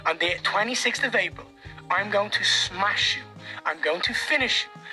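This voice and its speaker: A Portuguese-speaking man talking English, taunting a rival with boastful threats. His voice sits high and very bright. Music plays faintly behind him. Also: rough recording. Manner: taunting, boastful trash talk. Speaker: fighter calling out an opponent. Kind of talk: fight promo trash talk.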